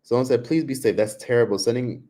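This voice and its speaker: A man's voice: quick pace, dark tone. Man livestreaming from his laptop, casual and rambling. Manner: chatty, frequent "like", mimics others in high voices. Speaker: livestream vlogger.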